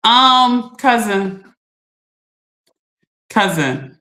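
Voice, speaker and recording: A woman's voice: medium pitch, animated, moderate pace, a bit bright. A middle-aged woman, chatting on a livestream and reading viewer comments, laughing and teasing. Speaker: livestream host.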